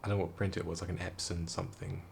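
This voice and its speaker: A young man talks in a hushed, tired voice, keeping it down so he won't wake anyone. His voice sits very low and turns gravelly and fried. A faint hiss sits under the talk. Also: little pitch movement, racing. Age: young adult. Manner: hushed, quiet, rambling talk. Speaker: vlogger. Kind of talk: casual storytelling vlog. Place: room indoors at night.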